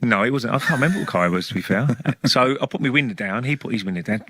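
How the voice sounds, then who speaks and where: Middle-aged man, casual anecdote teller, dry close sound, mid pitch. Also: lively intonation, fast, fairly bright tone, slightly rough, no echo. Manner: chatty storyteller, laughs between stories. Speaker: former footballer telling stories.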